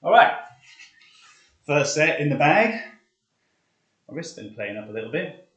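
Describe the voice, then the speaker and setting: A man's voice: fairly high pitch, expressive, normal speed, fairly bright tone. A young man leading a live workout, chatting casually and counting reps aloud, out of breath. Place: hot flat, indoors. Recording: echoey room.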